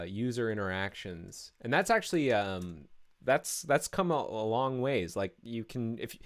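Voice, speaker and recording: A man live-streaming his coding work, talking through each step casually with many fillers and restarts. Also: mid-range voice.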